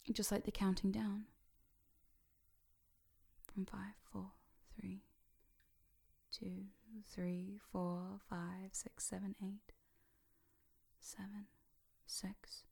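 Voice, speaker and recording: A woman guiding a hypnosis session, dropping to slow whispers to sink the listener and lifting her voice to wake them, counting slowly. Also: medium pitch, little pitch movement, gravelly, husky. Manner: switches between sinking whispers and bright rising calls.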